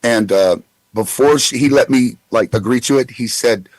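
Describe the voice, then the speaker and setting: A man's voice: mid-range voice, normal speed, darkish tone, dry recording, rough recording. Rambling storytelling man, dry sound. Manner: rambling anecdotes with stammered restarts. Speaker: guest voice actor. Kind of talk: casual interview storytelling.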